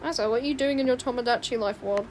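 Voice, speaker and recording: A young woman chatting on a livestream while she draws, excitable and rambling, often squealing and laughing. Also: fairly high pitch, fast talker, a little hiss or hum. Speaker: livestreaming artist. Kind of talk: casual stream chat while drawing. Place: home room with open window.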